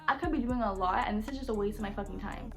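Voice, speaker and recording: A young woman telling a casual storytime on her channel, animated and blunt, saying "like" and "literally" constantly. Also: medium pitch, fast talker, faint music behind. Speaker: YouTuber.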